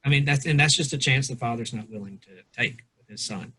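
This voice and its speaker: A man with a mid-range voice talks fast, his tone bright and forceful with a breathy edge. Co-hosting a podcast, possibly as a pastor or lawyer, he discusses a book loosely and ramblingly, reading quotes aloud and restarting often.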